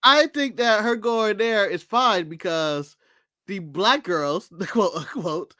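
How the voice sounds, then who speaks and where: A man's voice: sits high, takes it slowly, pushed and bright, dry recording, studio quality. A man co-hosting a casual wrestling podcast, blunt and joking, swearing freely. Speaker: podcast co-host.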